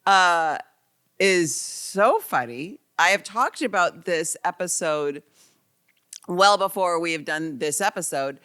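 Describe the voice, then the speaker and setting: A woman with a fairly low but very lively voice chats on a podcast. Her pitch swings widely, and she talks with an animated, giggly ease. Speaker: podcast co-host. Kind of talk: casual chat.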